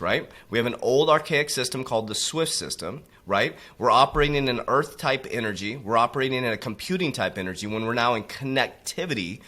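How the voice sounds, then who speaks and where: A man with a bright, ringing tone delivering a preachy motivational monologue. He hammers his points with repetition and keeps addressing his audience as warriors, sinking low and quiet on each of those tag words. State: coughing from allergies. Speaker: crypto motivational coach.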